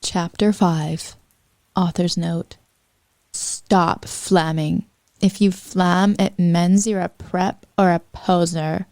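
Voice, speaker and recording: A woman's voice: on the low side, fairly even intonation, slow pace, a little mellow, dry recording, clean studio sound. A woman hosting a podcast, reading fanfiction aloud with wry, apologetic asides.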